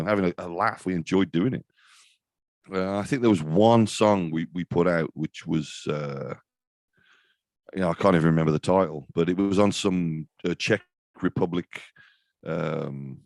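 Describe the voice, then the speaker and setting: A man's voice: low voice, darkish tone, dry recording. A man in his fifties, a death metal vocalist chatting as an interview guest, rambling and self-deprecating with many restarts. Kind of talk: casual interview chat.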